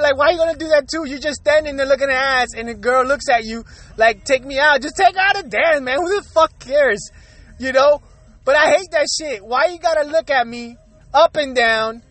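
A man's voice: very high voice, fairly bright tone, no room sound. A man hosting his own show, delivering a blunt, profane, worked-up rant. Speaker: show host. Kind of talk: ranting monologue.

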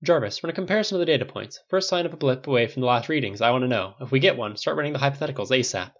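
A man voicing a quick-joking male genius inventor, talking brisk and wisecracking. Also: medium pitch, lively intonation, voice pushed up. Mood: breezy. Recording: dull lo-fi recording.

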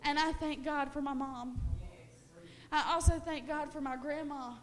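A young woman delivers a sermon in a high, bright register. She preaches with passion, stacking short repeated phrases as she rises toward shouting. Her delivery is earnest and urgent. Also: steady tone, measured pace. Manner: impassioned, builds to shouted repetition.

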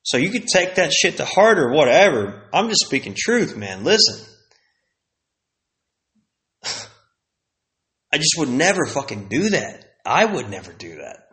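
A man's voice: fairly high pitch, big pitch swings, measured pace, long pauses, fairly bright tone. A man hosting a solo podcast, venting bluntly in a casual, profanity-heavy rant that circles back on itself. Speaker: podcast host.

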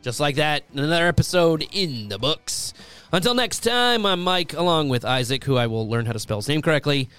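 A young man co-hosting a sports podcast, quick and joking in casual chat. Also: on the high side, very animated, fairly bright tone, smooth, faint music behind. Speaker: podcast co-host.

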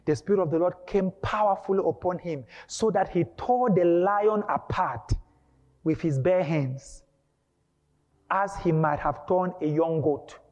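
High-pitched preacher guy, dramatic sermon, shouts a lot, big hall echo. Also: a little slow. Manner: emphatic, dramatic, bursts of shouting. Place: church hall. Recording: dull lo-fi with long hall reverb.

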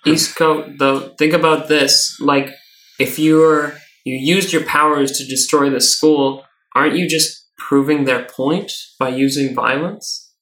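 A man's voice: on the high side, steady tone, measured pace, fairly bright tone. A man playing in a tabletop game, reasoning things through hesitantly with fillers. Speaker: player. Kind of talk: casual tabletop game chat. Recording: roomy, from a distant mic.

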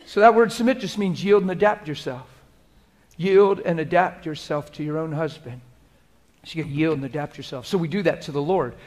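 A man preaching a sermon as pastor, swinging between loud exhortation and hushed, conversational prayer. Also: a little high, fairly quick.

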